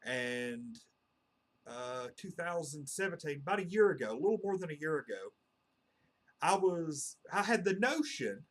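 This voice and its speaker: A man's voice: on the high side, big pitch swings, a little slow. A man, telling a personal story to camera in a casual, meandering way full of "uh" and "you know.". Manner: earnest, meandering, heavy on fillers like "uh" and "you know". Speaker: channel host.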